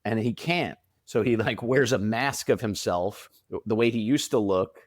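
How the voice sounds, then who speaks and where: Lively man with a dry, close sound. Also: lowish voice, measured pace, dry recording. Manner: animated storyteller, acts out quotes. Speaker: prosthetic makeup designer. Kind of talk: casual interview chat.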